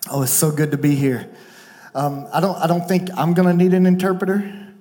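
A man preaching as a guest pastor at a church, talking fast, emotional and effusive. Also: fairly high pitch, level tone, dark tone. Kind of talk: sermon. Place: church stage.

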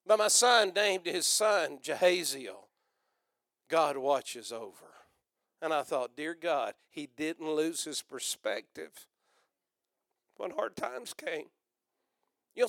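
Older guy preaching loud, high bright voice, dry close sound. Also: lively intonation, takes it slowly, pauses often, dry recording. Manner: loud rousing preaching with calls to the congregation. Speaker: pastor. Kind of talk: sermon.

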